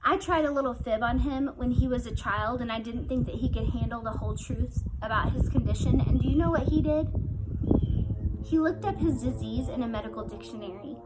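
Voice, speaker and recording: A woman reading the lines of a weary, sympathetic middle-aged woman doctor in an audiobook, with a soft, lowered delivery. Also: brisk, heavy background noise, lightly acted. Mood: gentle.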